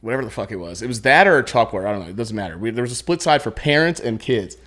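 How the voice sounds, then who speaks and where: A man's voice: mid-range voice, racing. A man hosting a podcast, telling family stories in casual chat, swearing freely and acting out what people said. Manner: swearing, animated storytelling. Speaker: podcast host.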